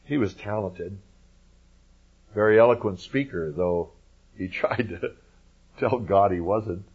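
A man's voice: on the low side, takes it slowly, breathy edge. A man preaching a Bible lesson, emphatic, with folksy asides to his listeners. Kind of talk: Bible teaching. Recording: muffled lo-fi recording.

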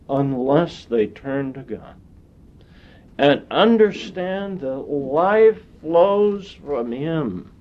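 A man delivering a sermon at a very slow, measured pace, leaving long pauses between phrases. His voice sits a little higher than most men's. The recording sounds dull and lo-fi. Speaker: preacher.

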